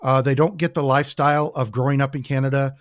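A man's voice: mid-range voice, little pitch movement, fast, dry recording, clean studio sound. A man from the United States chatting casually as a podcast guest, telling rambling, enthusiastic stories with lots of fillers.

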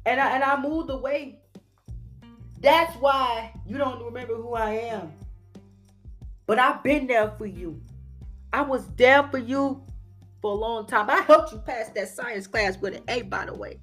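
A man's voice: very high voice, measured pace, pauses often, fairly bright tone, soft background music. A man voicing an angry, betrayed longtime male fan who scolds and rants in slang. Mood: scolding. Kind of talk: reading an email aloud in character.

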